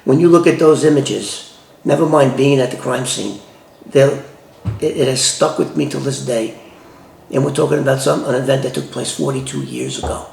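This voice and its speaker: A man from the Bronx, telling a true story from his past in a loose, halting way with many restarts. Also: medium pitch, sing-song, gravelly, darkish tone, slight background noise. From the Bronx, New York. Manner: loose, halting retelling with restarts and street phrasing. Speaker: former FBI informant recounting a case. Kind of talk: conversational first-person storytelling. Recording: roomy echo.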